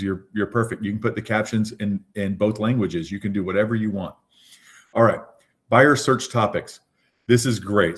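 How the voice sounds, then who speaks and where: A man teaches a group over a video call in a relaxed, conversational way. His voice sits on the low side, and he keeps checking in with "right?" while he rambles through examples. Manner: chatty, repeats "right?". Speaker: real estate coach. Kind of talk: online training session.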